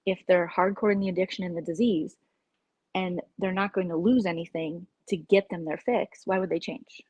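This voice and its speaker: A woman's voice: lowish voice, fairly even intonation, normal speed, a little mellow, breathy edge, dry recording, lo-fi sound. A woman hosting a casual live-stream chat, gossiping candidly and sometimes dropping to a whisper.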